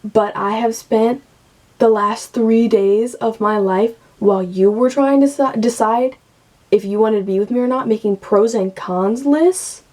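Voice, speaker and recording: A woman's voice: a little high, a little slow, darkish tone. A young woman in her late teens, venting candidly and emotionally to camera and swearing freely. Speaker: vlogger.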